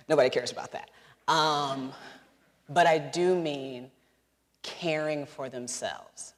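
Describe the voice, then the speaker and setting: A woman author answering audience questions at a live talk, earnest and quick to laugh, in a large hall. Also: low-pitched. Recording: long hall reverb.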